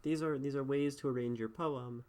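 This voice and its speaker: A man's voice: mid-range voice, fairly even intonation, moderate pace, darkish tone. A man streaming, giving a casual spoken critique of a poem and thinking aloud with fillers and tag questions. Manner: conversational, thinks aloud with many fillers and "right?" tags.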